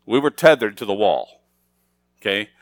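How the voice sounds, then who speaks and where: This middle-aged pastor chats informally with his congregation, then swells into emphatic, raised stretches of preaching. He speaks at a normal speed in a lowish, very animated voice, with no room sound.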